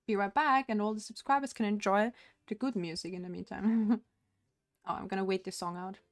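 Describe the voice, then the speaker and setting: A woman's voice: medium pitch, fairly even intonation, fairly quick, no echo, clean studio sound. A young woman streaming live from home, chatting casually and rambling while she paints, with frequent laughs.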